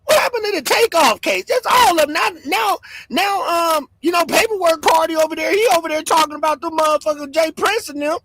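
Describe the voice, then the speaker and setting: A man hosting a livestream, ranting loudly and excitably, swinging between shouts and mutters and laughing often. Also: very high voice, brisk, few pauses, background noise. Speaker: livestream host. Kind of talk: animated livestream rant.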